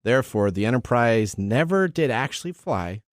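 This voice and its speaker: A man hosting a tech radio show, chatting casually and upbeat, with quick asides. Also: mid-range voice, lively intonation, dry recording, studio quality.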